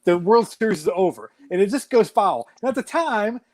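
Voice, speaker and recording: A man in his forties telling a story in casual chat, animated and swearing freely. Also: high-pitched, normal speed. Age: 40s.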